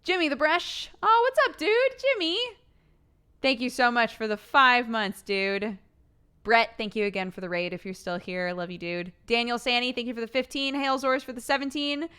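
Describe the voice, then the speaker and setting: A woman's voice: a little high, steady tone, moderate pace, bright, forceful tone, smooth. A woman streamer with a sore throat, chatting casually with her audience, giggly and swearing freely.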